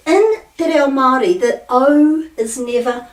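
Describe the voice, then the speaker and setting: A woman teaching pronunciation, slowing down to sound out letters and syllables with care. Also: high-pitched, lively intonation, a little mellow. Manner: slow careful demonstrations of sounds. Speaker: language teacher. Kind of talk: pronunciation lesson. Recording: echoey room, voice from a distance.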